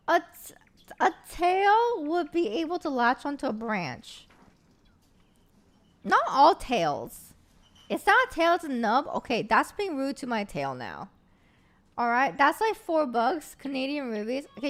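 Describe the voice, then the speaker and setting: A woman's voice: high-pitched, very animated, unhurried. A woman streamer in casual livestream chat who talks straight to her chat in a chatty, giggly way.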